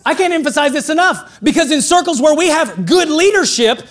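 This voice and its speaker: A man preaching a sermon in a conversational, joking way, getting louder and quicker when he makes a point. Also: very high voice. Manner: conversational and joking, rising excitedly for emphasis.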